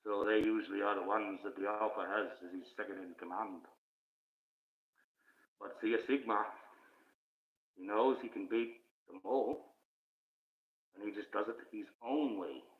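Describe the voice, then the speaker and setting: Aussie guy doing a fake ominous voice, kinda low, rambling on about spirit stuff, sounds like a tinny phone line. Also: steady tone. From Australia. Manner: puts on an ominous put-on voice rather than his real one; slow, rambling spiritual musings. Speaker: live streamer. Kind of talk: casual spiritual monologue on a livestream. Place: indoors, speaking under a mask by candlelight.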